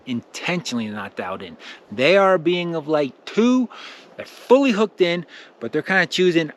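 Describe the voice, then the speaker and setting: A young man talking casually to camera outdoors among trees as a spiritual teacher, animated and acting out reactions in his voice. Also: slight background noise. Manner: animated, acts out quoted reactions with big pitch jumps. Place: outdoors in nature near pine trees.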